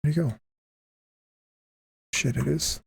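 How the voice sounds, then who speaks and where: A woman's voice: low-pitched, steady tone, slow, creaky, slightly rough. A woman streaming a game, giving casual, profane, joking commentary and laughing often.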